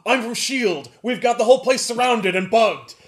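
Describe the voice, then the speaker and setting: A man's voice: fairly high pitch, very animated, brisk. A man voicing a clueless, cowardly young male antihero in a near-own voice. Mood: bluffing loud.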